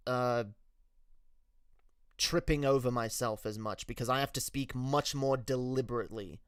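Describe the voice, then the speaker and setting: A man's voice: mid-range voice, smooth, no room sound, studio quality. A man streamer talking frankly in a casual personal story, profane, with many restarts.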